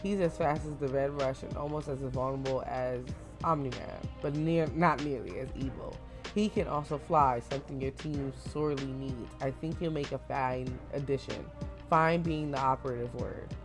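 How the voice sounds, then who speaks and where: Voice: mid-range voice, fairly even intonation, normal speed, over music, close to an everyday voice. A reader voicing a dry, commanding male government director who speaks with authority.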